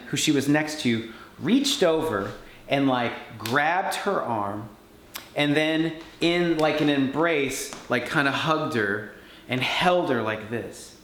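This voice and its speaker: A man at a conference podium tells a story with lively energy, acting out the people he quotes. His voice is medium in pitch. The room is echoey, with faint noise behind him. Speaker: conference speaker. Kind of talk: storytelling talk. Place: conference hall.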